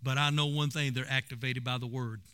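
A man's voice: mid-range voice, fairly even intonation, fairly quick, sharp tone, clear, resonant tone. A man preaching a sermon and telling stories with emphasis. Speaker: pastor.

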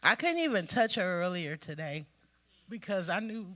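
High bright guy, short church goodbye, trying not to lose it. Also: sing-song, normal speed, no room sound. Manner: choked up, brief. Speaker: church member giving a farewell tribute. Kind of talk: emotional church farewell speech. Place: church sanctuary.

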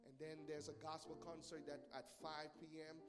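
A man's voice: fairly high pitch, completely flat delivery, moderate pace, over loud music. A man preaching to his congregation, giving church announcements and a sermon with call-and-response phrases and repeated words. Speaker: pastor.

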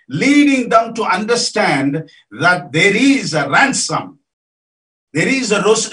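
A man preaching a sermon, emphatic and repetitive, his voice rising to near shouts on key points. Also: a little high. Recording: voice from a distance off mic.

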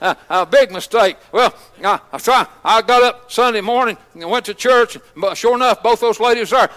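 A man's voice: sits high, normal speed, few pauses, a bit bright, in a large hall. A man pastor, preaching a folksy, story-driven sermon that rises into fervent exhortation. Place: church sanctuary.

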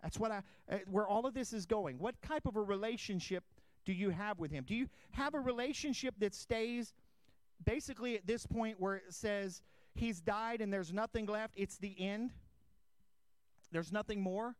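A man's voice: high-pitched, normal speed, clean tone, no room sound. A man preaching as pastor, reading scripture aloud and asking his listeners direct questions. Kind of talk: sermon.

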